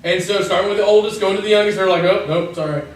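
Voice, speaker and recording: High-voiced man preaching in an echoey church. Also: level tone, very fast. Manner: chatty and jokey, acts out voices in stories. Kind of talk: casual sermon. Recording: distant mic in an echoey church hall with faint noise.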